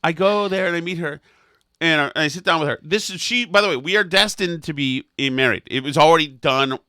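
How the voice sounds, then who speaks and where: Casting: male podcast co-host, bright tone, dry close studio mic, rambling comic storyteller. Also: a little high, a little fast, dry recording. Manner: rambling, self-mocking anecdotes. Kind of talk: comedic storytelling chat.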